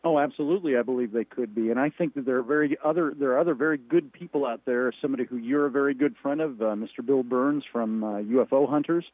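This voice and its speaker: A man, a guest on a radio talk show, explaining earnestly over the phone and pausing with fillers. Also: mid-range voice, no echo. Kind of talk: radio interview. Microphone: phone call. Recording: tinny phone line.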